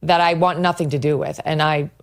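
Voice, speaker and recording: A woman's voice: low-pitched, steady tone, brisk, vocal fry. A middle-aged woman hosting a commentary show, delivering an indignant, sarcastic rant laced with swearing. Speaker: podcast host.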